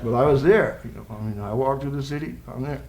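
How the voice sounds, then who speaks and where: Crowd noise fills an echoey college social room where a man reads poetry aloud to an audience. His mid-range voice moves fast, and he chuckles between lines while tossing out playful, rambling asides.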